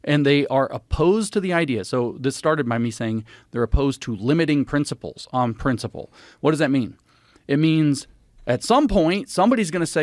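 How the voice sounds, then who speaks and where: A man talking as a podcast guest, explaining ideas emphatically and citing sources in animated conversation. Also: fairly high pitch, normal speed, no room sound, clean studio sound.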